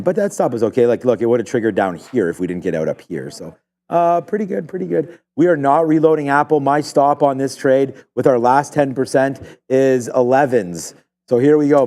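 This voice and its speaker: Speaking in a lowish, dark voice, the host of a live trading show walks through his trades from a trading desk studio. His delivery is loose and rambling, full of filler as he thinks out loud.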